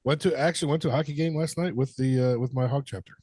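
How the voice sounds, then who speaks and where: A man co-hosting a casual podcast, talking in a relaxed way and swearing freely. His voice is close and dry, with hardly any room sound. He agrees often and goes off on easy tangents. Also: medium pitch, rapid-fire, breathy edge, dry recording. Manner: laid-back, swearing, agreeable. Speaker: podcast co-host. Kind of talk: casual chat.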